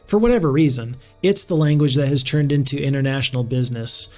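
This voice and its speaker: A man's voice: mid-range voice, quick pace, darkish tone, faint music behind. A man streaming a strategy game, chatting loosely with viewers and reading their messages aloud, with many fillers and restarts. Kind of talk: casual gameplay stream chat.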